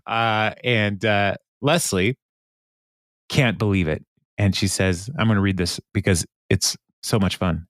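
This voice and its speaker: A man's voice: fairly low pitch, steady tone, measured pace, fairly bright tone, dry recording, clean studio sound. A man on a podcast retelling a TV episode in casual chat, laughing often as he quotes the characters. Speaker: podcast host recapping a TV episode.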